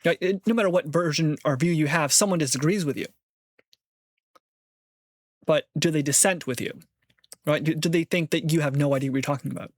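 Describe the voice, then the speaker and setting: A man's voice: fairly high pitch, a little fast, pauses often, no room sound. A man talking in a casual monologue, rambling and thinking aloud with frequent restarts, sometimes acting out other people's voices. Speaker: vlogger.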